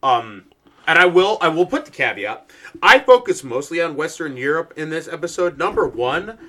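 A man's voice: on the high side, big pitch swings, moderate pace, sharp tone. A young man co-hosting a podcast in casual banter, swearing and laughing between points. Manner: swearing, laughing, joking asides. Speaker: podcast co-host. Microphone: headphones and studio mic.

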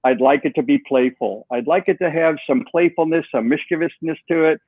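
A man tells a long story in an interview, acting out the voices of the people he quotes. His voice sits a little high. The sound is thin and tinny, as over a phone line, with no room echo. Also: brisk, slightly rough. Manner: animated storyteller, acts out quoted dialogue. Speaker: guest, software co-founder.

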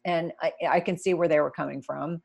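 Middle-aged woman, very low voice, candid, animated, interview guest. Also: a little fast, gravelly. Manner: candid, animated, many restarts and asides. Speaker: guest, nurse practitioner turned entrepreneur. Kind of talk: conversational interview storytelling.

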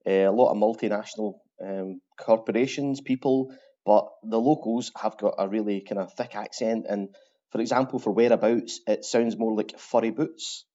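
A man's voice: lowish voice, steady tone, moderate pace, dark tone. A man with a strong Glaswegian Scottish accent, a truck driver chatting as an interview guest, with lots of fillers and restarts. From Scotland. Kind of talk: casual interview chat. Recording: dull lo-fi sound.

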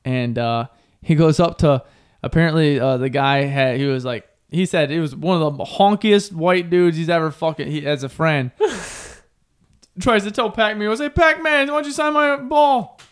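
A young man co-hosting a podcast, joking and swearing loudly and jumping high in pitch as he tells stories. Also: moderate pace, clean tone. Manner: loud, profane and joking, swings pitch up high when telling stories. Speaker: podcast co-host. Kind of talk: casual chat.

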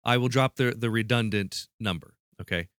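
A man hosts a casual podcast quiz, joking about the stakes and laughing easily. His voice sits in a middle pitch, and the recording is dry and close. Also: fairly bright tone, clean tone, no room sound. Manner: playful, joking, quick to laugh. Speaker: podcast host running a quiz.

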